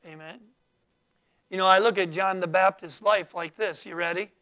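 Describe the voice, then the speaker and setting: Steady yet sharp in tone, the mid-range voice belongs to a preacher teaching from the Bible. He reads verses out, interprets them, and calls to the congregation for responses, speaking haltingly with many fillers and restarts.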